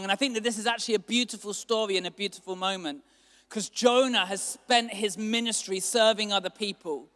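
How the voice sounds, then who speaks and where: A man preaching a sermon as a pastor, animated and acting out quotes with sudden bursts of loudness. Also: high-pitched, fairly quick. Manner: animated, acts out quotes with big swings in loudness. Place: church hall. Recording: long hall reverb.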